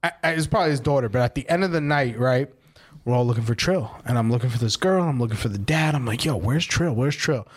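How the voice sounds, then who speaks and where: A man co-hosting a podcast, telling a party story in casual chat, animated and profane, acting out the voices of the people in it. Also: mid-range voice, fast, breathy edge. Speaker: podcast co-host.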